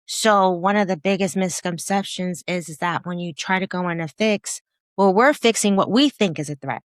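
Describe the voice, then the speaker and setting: A woman in her fifties, a guest in a candid interview, telling her story in an animated way and acting out her own past thoughts with laughter. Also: fairly low pitch, normal speed, no room sound, clean studio sound. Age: 50s. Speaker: podcast guest, business founder.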